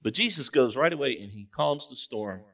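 Folksy preacher, lively voice, distant mic. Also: male voice, medium pitch, moderate pace, creaky. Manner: conversational, joking asides, folksy. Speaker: pastor. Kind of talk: sermon. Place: church.

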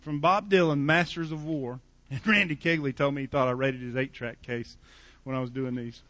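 A man's voice: mid-range voice, fairly even intonation, normal speed, pushed and bright, no room sound. Joking male pastor, dry sound. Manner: conversational, joking preaching with repeated "okay?". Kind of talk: sermon. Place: church.

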